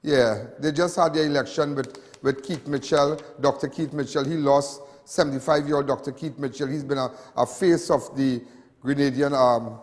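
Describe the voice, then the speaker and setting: A man's voice: mid-range voice, fairly even intonation, moderate pace, in a large hall. A man with a Trinidadian accent hosting a live TV talk show, rambling in a chatty way with many restarts and asides. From Trinidad and Tobago. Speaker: host.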